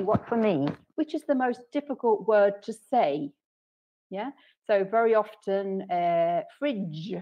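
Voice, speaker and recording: A woman training English teachers in an online session, explaining patiently and clearly with frequent "okay"s. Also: medium pitch, mellow, muffled recording. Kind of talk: webinar teaching talk.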